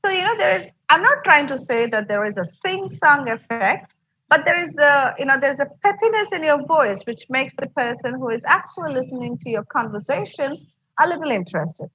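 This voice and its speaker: A woman's voice: high-pitched, expressive, normal speed, pushed and bright, poor audio. A woman with an Indian English accent teaching an online English class, explaining patiently and repeating herself, heard over a video call.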